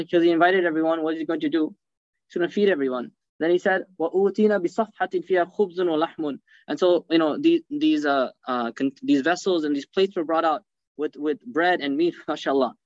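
A man teaching a hadith class, animated, asking his listeners rhetorical questions and mixing Arabic phrases into his English. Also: fairly high pitch, no room sound, highs cut off. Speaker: religious teacher.

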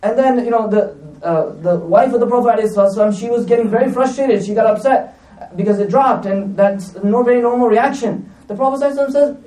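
A man's voice: extremely high pitch, fast talker, mellow. A man giving a conversational religious talk, telling stories with asides and fillers. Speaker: preacher. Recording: echoey room, mic at a distance.

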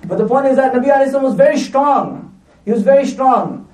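A man's voice: very high-pitched, quick pace, darkish tone. A man giving a conversational religious talk, telling stories with asides and fillers. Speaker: preacher. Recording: echoey room, mic at a distance.

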